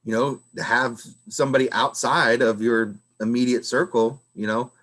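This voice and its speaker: A man hosts a relaxed podcast chat and circles around his points with plenty of filler phrases. His voice sits at an ordinary middle pitch for a man, neither high nor low. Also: moderate pace. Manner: rambling, peppered with filler phrases. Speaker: podcast host. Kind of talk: casual conversation.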